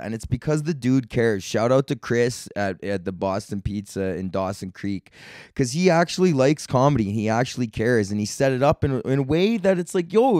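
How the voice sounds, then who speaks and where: Male comedian host, 30s, profane and animated storyteller, dry booth. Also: mid-range voice, dry recording. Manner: profane, excitable, laughs often. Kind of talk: casual storytelling rant.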